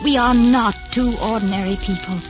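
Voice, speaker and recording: A woman's voice: on the high side, normal speed, close to an everyday voice. An actress playing Lady Emma Hamilton, an anguished aristocratic lover, with an emotional, tremulous theatrical delivery in a 1940s radio drama. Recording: muffled old radio broadcast with music.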